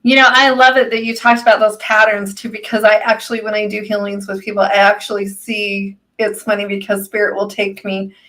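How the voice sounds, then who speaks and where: A woman's voice: medium pitch, level tone, brisk, few pauses, poor audio. Chatty woman healer telling stories. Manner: warm storytelling, laughs often, acts out quoted people. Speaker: healer, co-host. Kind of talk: casual live-stream chat.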